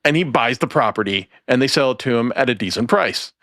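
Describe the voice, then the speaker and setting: A man hosts a podcast in casual chat, retelling stories animatedly. His voice is bright and swoops widely in pitch, recorded dry and close. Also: brisk, no room sound. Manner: animated storyteller, laughs often. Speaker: podcast host.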